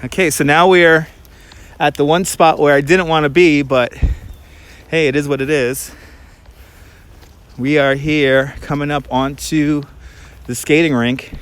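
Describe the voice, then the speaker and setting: A man with a Brooklyn accent talks casually into a handheld phone while walking outdoors through a park. His voice sits a little high for a man, and he rambles quickly with frequent restarts, like a tour guide chatting with viewers. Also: fairly even intonation, fairly bright tone, clean tone. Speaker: tour guide and livestream host.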